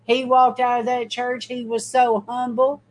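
Here a mother in middle age gives a folksy, emphatic testimony of her faith, addressing viewers head-on in a casual storytelling style. The voice sits a little high with little pitch movement and an unhurried delivery, and the recording is rough.

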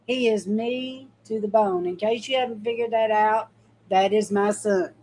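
A woman's voice: medium pitch, steady tone, moderate pace, darkish tone, a little hiss or hum, low-quality recording. A middle-aged woman, telling a personal faith testimony in a folksy, emphatic way and talking straight to her viewers. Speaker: mother giving a faith testimony. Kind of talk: casual storytelling testimony.

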